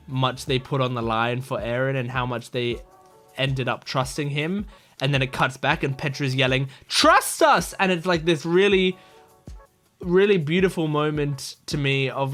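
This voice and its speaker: A young man hosting an anime reaction, talking casually in an excited, rambling way full of fillers and swearing. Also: mid-range voice.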